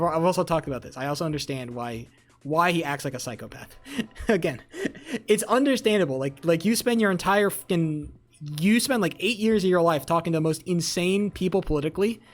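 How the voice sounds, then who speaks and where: Streamer going off, swearing a lot, repeats stuff, mid pitch, quiet music behind. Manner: heated, profane, repeats phrases for emphasis; talks back to chat messages. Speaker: live streamer. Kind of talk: casual live-stream political rant.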